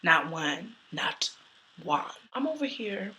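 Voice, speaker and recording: Loud, brash young woman telling a story. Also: lowish voice, big pitch swings, slow, rough recording. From United States. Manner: loud, brash and profane, laughs often. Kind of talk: casual personal storytelling.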